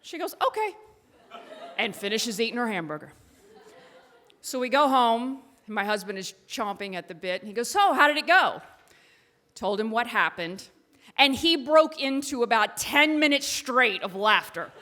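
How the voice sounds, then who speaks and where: A woman in her thirties telling a funny personal story to a live audience. Her voice sits fairly high, and her delivery is animated and self-mocking with punchy timing. She speaks into a handheld stage microphone. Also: normal speed.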